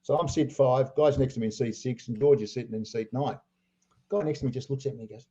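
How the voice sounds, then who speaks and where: An older Australian man, a poker player, telling animated anecdotes full of acted-out quotes. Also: medium pitch, quick pace, lo-fi sound. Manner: animated storyteller acting out quotes, laughing. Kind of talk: storytelling anecdotes.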